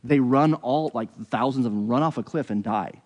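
Man, Bible teacher, conversational, thinks aloud, restarts sentences, mid-pitched voice, long hall echo. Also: normal speed.

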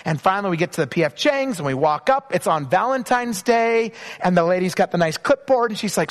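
A high-pitched man delivering a sermon from the pulpit. He tells stories in a loose, chatty way, stumbling over restarts, then slows right down to stress the lines that matter. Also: lively intonation. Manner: storytelling with repeated restarts and emphatic slow phrases. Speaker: pastor.

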